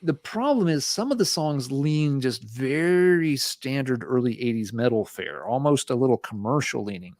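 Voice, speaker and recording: A man co-hosts a casual podcast chat, his pitch jumping around in a lively way. He rambles, stammers and tosses in swears and jokes. The voice sits close and dry on the mic. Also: normal speed, few pauses, no echo. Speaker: podcast co-host.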